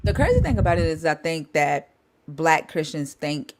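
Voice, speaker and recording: Woman, low voice, live stream host, blunt, profane, emphatic. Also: very animated, normal speed. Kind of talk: casual chat.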